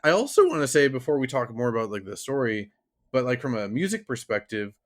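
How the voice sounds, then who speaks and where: An enthusiastic man co-hosts a podcast in a loose, casual way. His voice sits at an ordinary middle pitch, and his talk is animated. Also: brisk. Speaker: podcast co-host.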